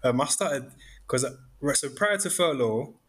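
Animated man in casual chat. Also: mid-range voice, moderate pace. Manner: animated, acts out inner thoughts in quoted asides.

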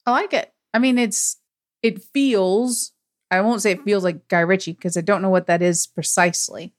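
A woman's voice: medium pitch, fairly even intonation, moderate pace. An American woman co-hosting a casual movie review chat, wry and teasing, laughing easily. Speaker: podcast co-host.

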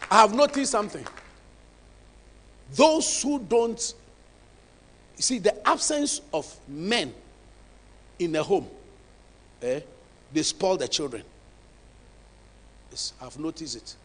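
Male pastor; high, animated delivery; emphatic, hushed to shouting. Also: slow, pauses often, big-room sound. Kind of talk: sermon.

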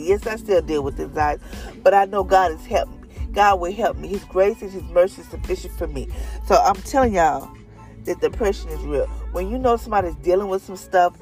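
A woman's voice: lowish voice, brisk, a little mellow, soft background music. A middle-aged woman and mother giving an earnest faith testimony to her viewers, stressing her points by repeating phrases. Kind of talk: heartfelt faith talk to viewers.

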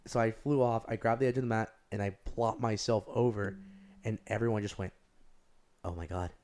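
A young man telling stories in a rambling, animated way, using "like" over and over. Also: fairly low pitch, brisk. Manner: rambling, heavy use of "like", animated storytelling. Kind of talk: casual chat.

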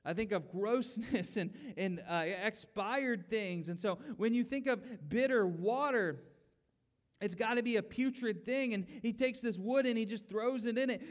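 Guy preaching, high voice, chatty, acts out the grumbling bits. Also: measured pace. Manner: conversational, acts out grumbling voices, rising to emphatic pleas. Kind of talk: sermon.

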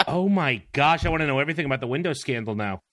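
A man's voice: on the high side, lively intonation, rapid-fire, fairly bright tone. A man co-hosting a podcast, reading old news stories aloud in a casual, jokey way with laughing asides. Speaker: podcast co-host.

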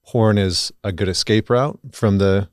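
Candid low-voiced man, podcast guest. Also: fairly even intonation, measured pace, no room sound, studio quality. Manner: candid, blunt, swears casually. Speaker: podcast guest, men's work facilitator. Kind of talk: casual podcast conversation.

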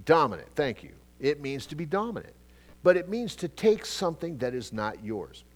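Animated conversational man preaching. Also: normal speed. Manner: conversational preaching with frequent asides and repetitions; animated, swings between loud emphatic bursts and quiet low asides. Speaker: pastor. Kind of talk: sermon, Bible teaching.

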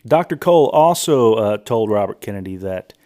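Emphatic male podcast host, lively pitch. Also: moderate pace. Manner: emphatic, incredulous, reads quotes aloud with asides. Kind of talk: monologue reading and commenting on sources.

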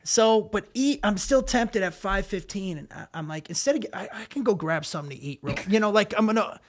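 A middle-aged man with a fairly high voice hosts a casual comedy podcast. He tells stories in an animated way and swears a lot. He acts out the lines he quotes loudly. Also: fairly quick.

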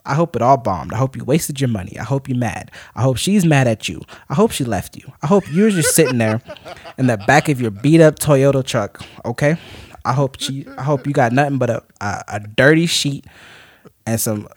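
A man co-hosting a podcast, telling a story in an animated, mock-angry rant. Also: medium pitch, moderate pace. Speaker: podcast co-host. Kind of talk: casual podcast chat, storytelling.

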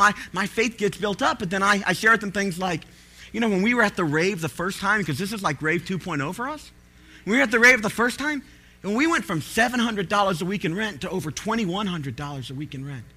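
A pastor delivering a sermon, his voice sitting high and ringing with a very bright edge. He tells stories in an animated way and breaks into loud, pleading bursts.

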